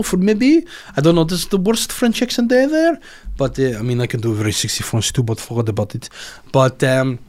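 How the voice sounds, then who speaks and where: A man hosting a podcast in casual chat, rambling and animated, swearing freely and going off on tangents. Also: mid-range voice. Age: adult, has children. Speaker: podcast host.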